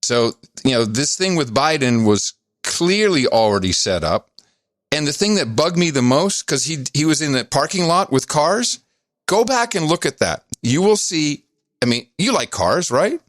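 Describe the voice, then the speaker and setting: A man's voice: on the high side, normal speed, no echo, clean studio sound. A man co-hosting a podcast in casual political chat, teasing and sarcastic as he tells his stories. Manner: teasing, sarcastic, animated storytelling. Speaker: podcast co-host.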